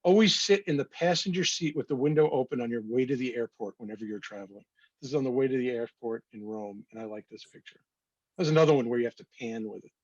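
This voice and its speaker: Husky man telling wry photo stories. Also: medium pitch, animated, quick pace, dry recording, muffled recording. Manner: anecdotal, wry, talking through slides. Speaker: photographer presenting his work. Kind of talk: casual slideshow talk.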